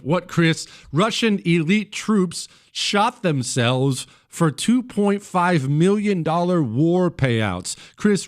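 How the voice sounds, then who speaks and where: Male talk radio host, slightly high voice, very lively pitch, joking banter, studio mic. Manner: joking, teasing an off-mic producer, riffing on headlines.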